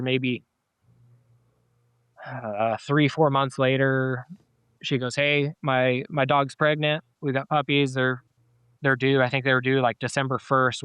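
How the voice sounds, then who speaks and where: A middle-aged man recounts a personal story as a podcast guest, wandering through it with fillers and false starts. His voice is smooth and clear, middle in pitch. The sound is close and dry, with no room around it. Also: a bit bright, dry recording. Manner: rambling, with many fillers and restarts. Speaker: podcast guest, dog owner. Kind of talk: casual storytelling interview.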